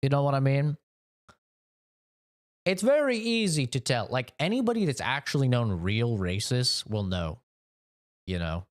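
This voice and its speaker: A man's voice: medium pitch, animated, a little slow, long pauses. A man chatting casually while streaming a game, rambling and opinionated, leaning on "you know" and swearing now and then.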